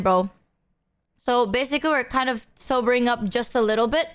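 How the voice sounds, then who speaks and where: A woman's voice: high-pitched, fairly bright tone. A young woman streamer chatting casually with her viewers, swearing freely and sometimes talking while she eats. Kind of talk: casual live-stream chat.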